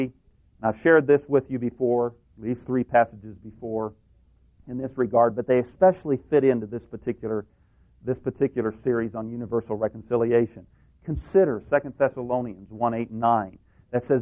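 A man's voice: medium pitch, fairly even intonation, moderate pace. A man preaching a sermon, emphatic and building his points to stressed pleas, with scripture references. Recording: tinny phone-like tape recording.

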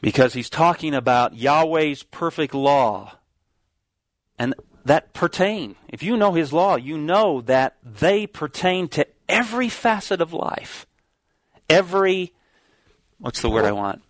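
A man preaching a sermon, reading scripture slowly and stressing key words, with some restarts as he explains. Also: fairly high pitch, animated, no echo.

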